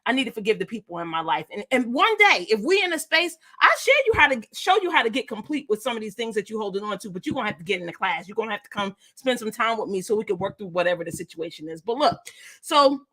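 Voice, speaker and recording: A middle-aged woman giving an energetic, preachy motivational talk as a business coach and speaking directly to her live chat. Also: mid-range voice, fast talker.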